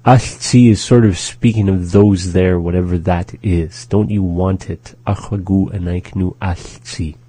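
A man hosting a radio language lesson, patiently repeating phrases slowly for learners. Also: deep voice, steady tone, dark tone, breathy edge, no echo. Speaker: language teacher on a radio show. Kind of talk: slow, repetitive language lesson.

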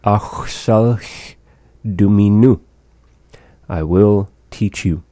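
A man teaching a language lesson, repeating each phrase slowly and carefully for learners. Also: fairly low pitch, dark tone, no room sound.

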